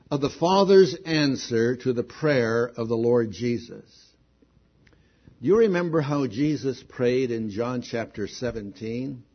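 A man preaching a sermon, slow and deliberate, rising to excitement on his key points. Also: mid-range voice. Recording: dull lo-fi recording.

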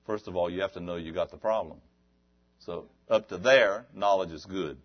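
A man preaching a sermon, shifting between quiet talk and loud, exhorting passages. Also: low-pitched, normal speed, muffled recording.

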